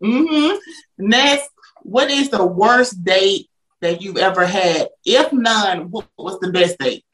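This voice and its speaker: A woman's voice: medium pitch, lively intonation, slow pace, a bit bright, poor audio. A woman hosting a casual interview, bubbly, exclamatory and teasing. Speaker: interview host.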